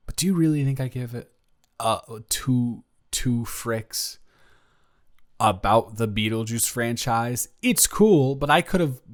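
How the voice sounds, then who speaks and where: A young man improvising a romantic audio roleplay, telling a story in a playful, teasing, rambling way. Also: mid-range voice.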